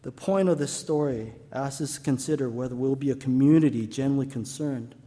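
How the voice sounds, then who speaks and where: A man's voice: mid-range voice, a little fast, mellow, in a large hall. A male pastor preaching a sermon, telling stories and asking the congregation rhetorical questions.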